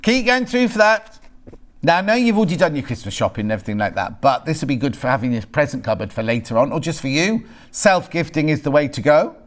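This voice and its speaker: A man's voice: fairly high pitch, lively intonation, fast talker. A man presenting on a live shopping channel, reading out fabric prices in a chatty, jokey sales patter and bantering with the crew off camera.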